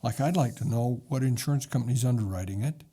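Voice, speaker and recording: Man, council member, skeptical questioning, husky, mellow tone. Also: medium pitch, quick pace. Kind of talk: council meeting discussion. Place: council chamber.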